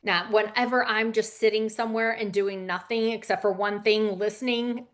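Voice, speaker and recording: A woman's voice: mid-range voice, steady tone, moderate pace, fairly bright tone. A woman teaching a casual lesson on public speaking, conversational with fillers and asides.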